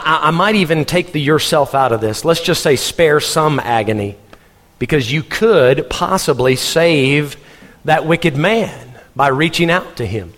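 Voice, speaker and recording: A man from Texas, preaching a sermon in an animated storytelling manner and laughing as he goes. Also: medium pitch, in a large hall. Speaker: pastor.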